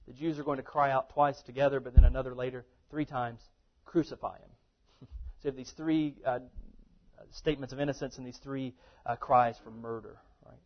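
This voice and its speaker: A man giving a relaxed scripture lecture, posing questions to his listeners and then answering them. His voice sits at a middle pitch. The recording is muffled and lo-fi. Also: a little fast. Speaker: Bible teacher.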